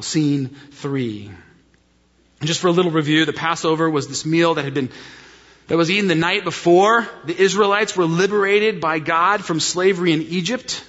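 A man's voice: sits high, a bit bright. A man preaching a sermon, explaining scripture with emphatic repetition. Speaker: pastor. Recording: dull sound with long hall reverb.

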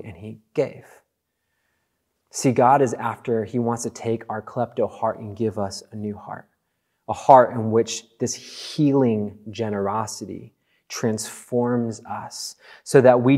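A man preaching a sermon in an earnest, conversational way, slowing down for emphatic phrases. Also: mid-range voice, darkish tone. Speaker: pastor.

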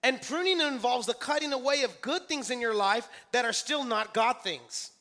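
Very high-pitched and bright, a male pastor's forceful voice fills the church sanctuary as he preaches. He calls out for congregational responses and drives points home by repeating key phrases.

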